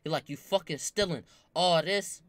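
A man's voice: fairly high pitch, moderate pace, noisy background. A young man telling a story in casual slang, acting out the voices of the people in it. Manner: animated, acts out quoted voices, slangy.

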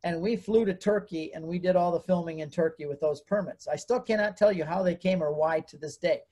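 Male guest, storyteller, acts out quoted voices, animated. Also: fairly high pitch, brisk.

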